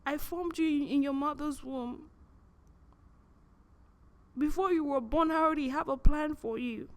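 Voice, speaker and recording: A woman voicing the soft, caring voice of God. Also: sits high, a little slow. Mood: tender. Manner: tender, pleading, repeats phrases.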